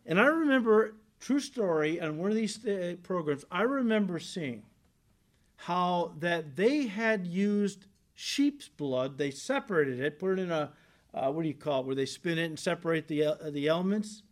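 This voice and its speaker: A male pastor giving a conversational sermon, rising into emphatic bursts and dropping low and soft on solemn points. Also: animated, normal speed.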